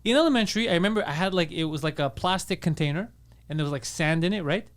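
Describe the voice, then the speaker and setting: A man co-hosting a casual comedy podcast, rattling off stories at a fast clip. His voice sits a little high, and the delivery is loose and crude. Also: expressive. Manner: rapid storytelling with crude humor. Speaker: podcast co-host.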